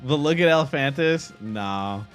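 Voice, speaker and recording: A young man hosting a casual stream, reacting with excitable laughter and animated commentary. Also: medium pitch, a little slow, faint music behind. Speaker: streamer host.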